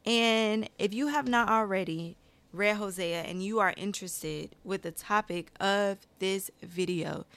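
A woman's voice: mid-range voice, unhurried. A woman giving a personal Bible-study talk, speaking with her hands and reading verses aloud with rising emphasis. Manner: animated, reads scripture aloud with rising emphasis; speaks with her hands and addresses viewers as y'all. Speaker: Christian video creator.

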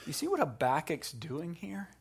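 A man preaching a sermon, moving between quiet, intense passages and loud, impassioned ones. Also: a little high, huge pitch swings, normal speed, vocal fry, breathy edge. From South Carolina. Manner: dynamic preaching, swinging from hushed to loud. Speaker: pastor.

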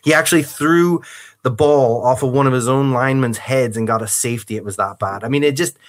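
A man's voice: medium pitch, a little fast. Chatty American man with an Irish twang. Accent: American with a Northern Irish twang. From United States. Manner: chatty, laughs often, playful mock outrage. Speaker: podcast host. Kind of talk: casual podcast chat.

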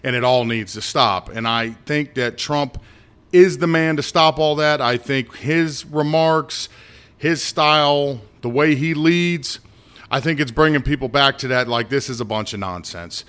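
A man's voice: medium pitch, a little slow, a bit bright, clear, resonant tone. A middle-aged man from the United States hosting a casual solo podcast, blunt and ranting, with many asides and restarts. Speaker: podcast host.

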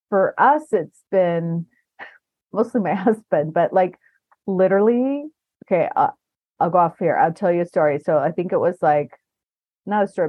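A woman's voice: fairly low pitch, dry recording. A woman podcast host telling rambling anecdotes in a casual chat, often laughing as she talks. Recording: dull dry lo-fi recording.

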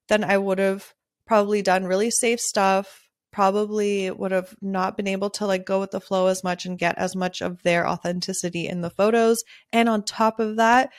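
A woman's voice: mid-range voice, no room sound, studio quality. A woman hosting a casual solo podcast as a wedding photographer, talking candidly and chattily, laughing often and swearing freely.

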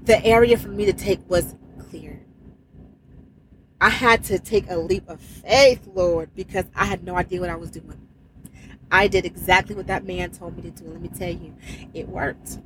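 Woman truck driver, testimony vlog, emphatic and animated, noisy background with vehicles. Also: fairly low pitch, a little slow, pauses often. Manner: animated, emphatic storytelling with exclamations and prayer. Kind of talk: casual spoken testimony.

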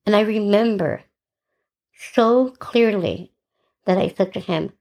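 A middle-aged woman with a medium-pitched voice hosts a podcast, slowly recounting her own story in a personal monologue. She's animated and sarcastic, acting out the dialogue as she goes.

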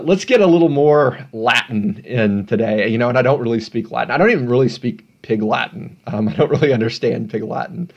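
A man's voice: medium pitch, gravelly, highs cut off. A man hosting a solo podcast at home, talking casually with rambling, self-deprecating asides. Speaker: podcast host.

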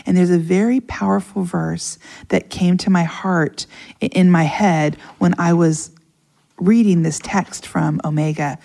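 A middle-aged woman telling a personal story in casual conversation, animated and emotional. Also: fairly low pitch, measured pace, creaky. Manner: animated, emotional, acts out quoted voices. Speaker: podcast guest.

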